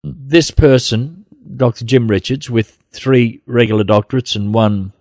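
A man's voice: mid-range voice, fairly even intonation, unhurried, a little mellow, dry recording. A man hosting a gospel podcast, talking bluntly and combatively and laughing often. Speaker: podcast host. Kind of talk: casual podcast chat.

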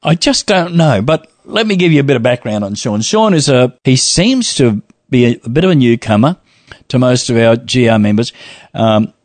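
A man in casual conversation, reading out a long listener email and breaking off to joke and laugh. His voice sits at an ordinary middle pitch. The recording is close and dry, with no room sound. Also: big pitch swings, normal speed, dry recording. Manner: chatty, laughs often, playful asides. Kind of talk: casual chat.

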